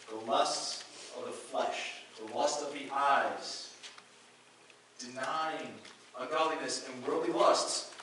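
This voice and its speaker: A pastor preaching a sermon, reading scripture aloud and earnestly repeating key phrases. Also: male voice, medium pitch, pushed and bright, slight background noise. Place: church sanctuary. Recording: very echoey church hall, mic far off.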